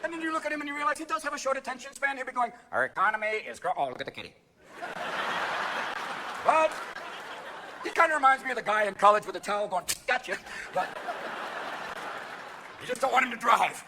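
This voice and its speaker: A man performing manic, rapid-fire stand-up comedy, constantly leaping into voices and impressions on a theater stage. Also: extremely high pitch. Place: theater stage before a live audience. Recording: live show recording with crowd laughter and noise.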